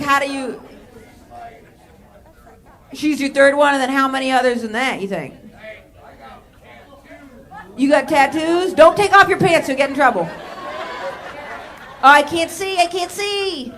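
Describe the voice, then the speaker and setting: A woman's voice: sits high, lively intonation, unhurried, pauses often, a bit bright. A woman from Maine doing stand-up, riffing loosely with the audience and swearing freely. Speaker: stand-up comedian. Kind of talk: stand-up crowd work. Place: comedy club stage before a live audience. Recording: live club recording with crowd laughter and noise.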